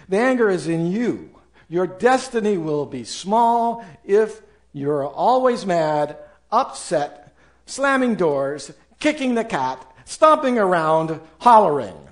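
A man preaching a sermon as pastor, acting out doubters and angry people in quoted voices. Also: a little high.

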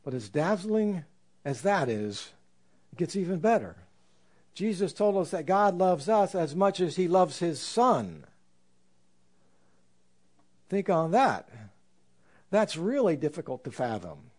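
A man preaching a sermon in an earnest, reflective way, slowing down to stress scripture. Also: high-pitched, sing-song, darkish tone. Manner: earnest, reflective, with slow emphatic scripture quotes.

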